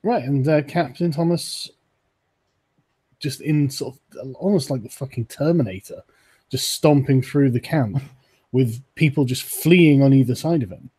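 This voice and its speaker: A husky, medium-pitched man guides a tabletop game as its game master. He tells the story in a laid-back, stop-and-start manner full of fillers.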